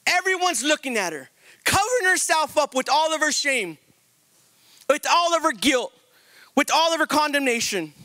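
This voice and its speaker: A male pastor preaching a sermon, firing rhetorical questions at the congregation and swinging between loud, high emphasis and slow, hushed passages. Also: very animated, no room sound.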